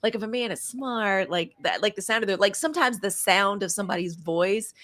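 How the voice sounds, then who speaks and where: A woman's voice: medium pitch, animated, fairly quick, a bit bright. A middle-aged woman co-hosting a casual chat, laughing often and addressing her listeners as "y'all.". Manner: chatty, laughs often, uses "girl" and "y'all". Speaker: podcast co-host.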